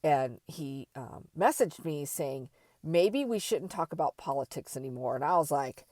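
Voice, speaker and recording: A middle-aged woman telling a candid personal story in a rambling, animated way, with many fillers and restarts. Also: low-pitched, moderate pace, no echo, clean studio sound. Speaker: vlogger.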